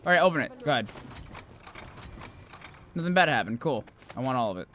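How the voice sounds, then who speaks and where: A young man commentating a video game with loud outbursts, heavy swearing and self-mocking asides. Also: mid-range voice, animated, brisk, a little hiss or hum. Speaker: gameplay commentator. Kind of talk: swearing, excitable let's-play commentary.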